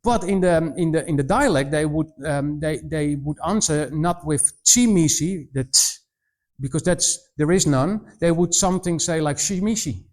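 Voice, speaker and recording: A man in his forties giving a missionary presentation to students, telling stories in an animated way, mimicking voices and often restarting his sentences. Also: a little high, normal speed. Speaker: missionary speaker. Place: college presentation room.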